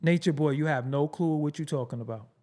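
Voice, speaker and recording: Male host, slightly high voice, blunt casual commentary with low mutters and sudden high, disbelieving outbursts. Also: a little fast, a little mellow. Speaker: show host.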